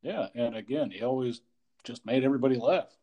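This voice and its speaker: A man in casual conversation, speaking quietly and warmly agreeing while recalling a friend. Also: mid-range voice, a little fast, lo-fi sound. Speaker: friend sharing memories.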